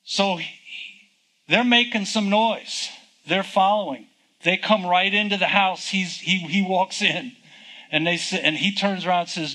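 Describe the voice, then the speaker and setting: A man's voice: high-pitched, unhurried, pushed and bright, rough recording. A man preaching a sermon, teaching from the Bible in a conversational way, reading verses aloud and asking rhetorical questions.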